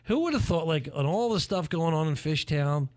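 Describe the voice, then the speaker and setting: A man's voice: on the high side, animated, a little mellow, dry recording, studio quality. A man hosting a playful talk show, cracking jokes and theatrical asides. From Philadelphia. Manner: joking, theatrical, quick asides. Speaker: host. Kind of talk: playful morning show banter.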